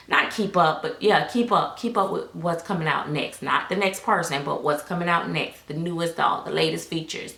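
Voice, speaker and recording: Gravelly, frank woman in an echoey room. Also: deep voice, fairly even intonation, moderate pace, pushed and bright. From Florida. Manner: frank, preachy, Southern Black vernacular. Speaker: doll collector vlogger. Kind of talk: casual straight-talking monologue to viewers. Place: home doll nursery room.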